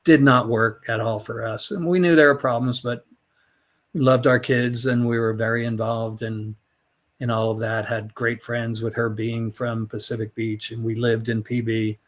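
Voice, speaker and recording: A man's voice: mid-range voice, flat delivery, moderate pace. A middle-aged man, a former Navy officer, telling his story as a podcast guest in a blunt, profane way, acting out both sides of remembered conversations. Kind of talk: candid storytelling interview.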